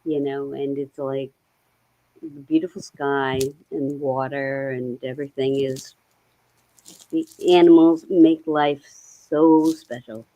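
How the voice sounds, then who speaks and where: A woman on a video call, chatting casually and telling rambling, animated stories. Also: rumbling low, takes it slowly, lo-fi sound. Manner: rambling, animated storytelling with laughs. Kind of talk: casual chat.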